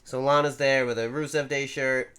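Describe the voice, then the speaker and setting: A man of middle pitch co-hosting a casual podcast. He recaps events with animated storytelling and slips into quick acted-out quotes. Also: smooth. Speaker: podcast co-host.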